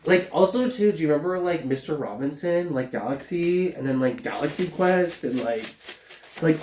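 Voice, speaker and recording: A man's voice: on the high side, animated, normal speed, darkish tone, slight background noise. A man, a YouTuber, ranting casually in a profane, rambling way while cooking in his home kitchen. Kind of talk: casual vlog rant. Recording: echoey room.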